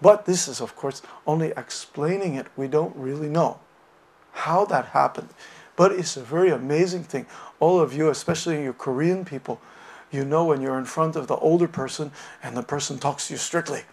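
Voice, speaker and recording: Man, Buddhist teacher, lecture, hesitant with fillers, animated storytelling, fairly high voice, gravelly. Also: normal speed. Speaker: dharma teacher.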